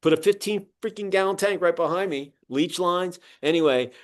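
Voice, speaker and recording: A man hosting an interview, chatting casually and telling animated stories. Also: high-pitched, normal speed. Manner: animated storyteller, acts out other people's voices. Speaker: podcast host and publisher.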